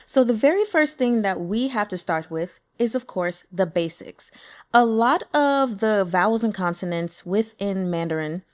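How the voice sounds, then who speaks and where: A woman's voice: mid-range voice, animated, normal speed. A woman and native English speaker teaching pronunciation in a casual lesson, upbeat and demonstrating sounds with exaggerated examples. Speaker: language teacher.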